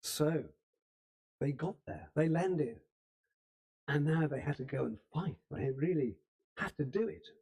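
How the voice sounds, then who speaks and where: A man giving a storytelling history lecture in a church hall, unhurried, with small restarts now and then. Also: fairly high pitch, vocal fry, a little mellow. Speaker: speaker giving a history talk.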